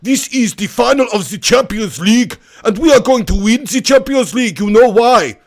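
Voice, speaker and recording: British guy putting on a loud, slow, swaggering mock-German fan, all boast. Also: very high voice, expressive, pitched above the performer's own voice, exaggerated voice. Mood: boastful. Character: boastful proud German man.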